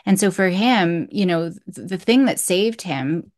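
Low-voiced woman podcast host. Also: lively intonation, a little slow, a little mellow. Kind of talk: casual interview chat.

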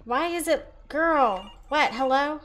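A young woman streaming a horror game, chatting with her viewers and reacting loudly. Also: sits high, expressive, slow pace. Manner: chatty, loud reactions, talks to chat. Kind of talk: live horror game commentary.

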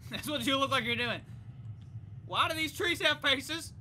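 A young woman gaming YouTuber giving excitable, chatty let's play commentary. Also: sits high, a little slow, a little hiss or hum. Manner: excitable, chatty, reacts out loud.

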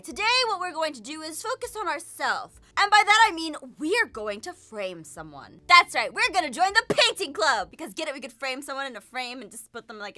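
A woman's voice: sits high, sharp tone. A young woman hosting a let's play video, chatting in a bubbly, gushing way with squeals and giggles. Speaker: gaming video host.

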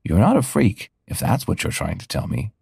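A kind dragon in human shape, coaxing and reassuring with a gentle teasing edge, as a deep-voiced male storyteller puts him on. The voice is low, gravelly and husky, and the storybook reading sounds close and dry. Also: huge pitch swings, normal speed, no echo, heavily acted.

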